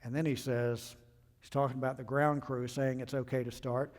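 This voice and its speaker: A man's voice: flat delivery, normal speed, darkish tone. Earnest middle-aged man lecturing in a hall. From American South. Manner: earnest, emphatic, acts out quotes with rising pitch. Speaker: safety board member lecturing pilots. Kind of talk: presentation lecture. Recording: long hall reverb.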